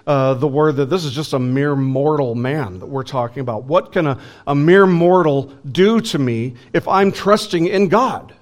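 A man preaching a sermon in an earnest, emphatic way, building lists and asking rhetorical questions. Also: on the high side.

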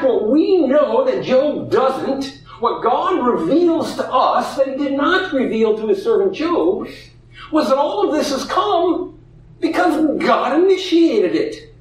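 Expressive male preacher in an echoey hall. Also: very high-pitched, takes it slowly. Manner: expressive, acts out quoted voices. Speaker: pastor. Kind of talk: sermon. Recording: echoey room, heard from a distance.

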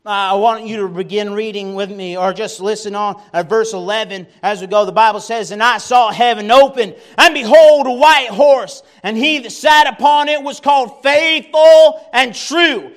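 A man preaching a fervent revival sermon, often shouting and repeating refrains. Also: steady tone, normal speed, hardly any pauses. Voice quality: gravelly, high-pitched voice.

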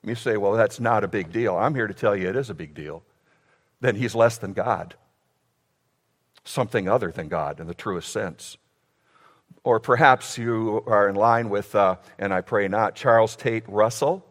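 A man's voice: on the low side, unhurried. Emphatic preaching man in a reverberant hall. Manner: emphatic preaching, swings from loud to hushed. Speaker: pastor. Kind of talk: sermon.

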